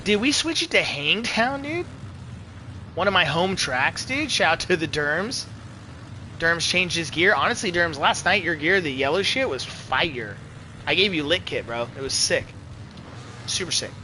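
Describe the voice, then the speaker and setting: A young man streaming a racing game, chatting casually to his viewers with profane, excitable banter and frequent laughs. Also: fairly high pitch, unhurried, pauses often, a little hiss or hum. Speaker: gaming streamer. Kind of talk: casual live commentary while playing.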